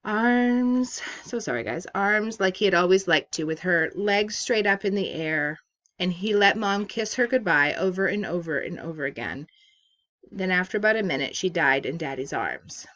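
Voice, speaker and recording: Teacher lady reading a book to her class from her office, lowish voice, kinda muffled sound. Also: moderate pace. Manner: steady, expressive storytelling. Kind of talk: reading a novel aloud to a class.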